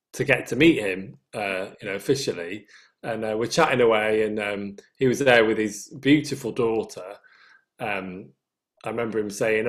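A man with a Northern English accent, a singer telling anecdotes as an interview guest and laughing at his own stories. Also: lowish voice. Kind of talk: casual anecdotal chat.

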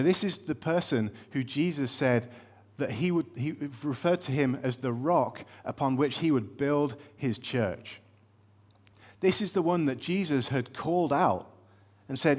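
A man's voice: on the high side, a little mellow. A man preaching a sermon in a conversational, storytelling way, with light humor and frequent fillers and restarts.

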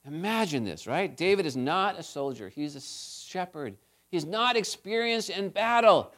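Guy giving a kids sermon, kinda high voice, animated and chatty, keeps asking the crowd stuff. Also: unhurried. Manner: animated, chatty, asks the audience questions. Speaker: preacher. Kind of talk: children's sermon, lively storytelling.

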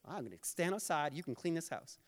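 A sniffy fussy guest, as a preacher puts him on. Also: male voice, fairly high pitch, animated, brisk, in a large hall, voice pushed up, lightly acted. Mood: disdainful. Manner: sniffy, dismissive. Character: fussy scornful male guest inspecting for dust.

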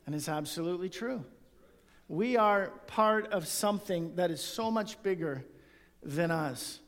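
A man's voice: high-pitched, a little slow, a bit bright, long reverb tail. A male pastor preaching a sermon and reading scripture aloud, in an earnest tone.

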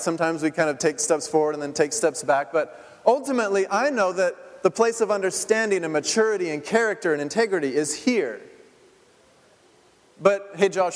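A man in his thirties preaching a conversational sermon, asking the congregation questions and laughing often. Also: high-pitched. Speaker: pastor. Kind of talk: interactive sermon. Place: church sanctuary. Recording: long hall reverb.

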